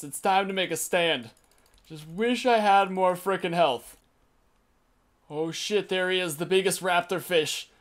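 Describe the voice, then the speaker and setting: A young man commentating a game casually, excitable and swearing, with frantic outbursts. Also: sits high. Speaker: gameplay commentator. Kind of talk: casual let's-play commentary.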